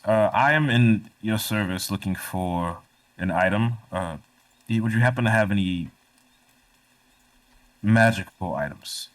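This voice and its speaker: A man playing his character in a tabletop game, speaking slowly in and out of character. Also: deep voice, distant mic. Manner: slow, laughing, in-character speech. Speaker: player.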